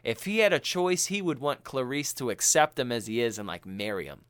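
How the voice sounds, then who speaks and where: A man in casual chat, animated and swearing, with many fillers, acting out film quotes. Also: mid-range voice, a little fast, smooth, no echo.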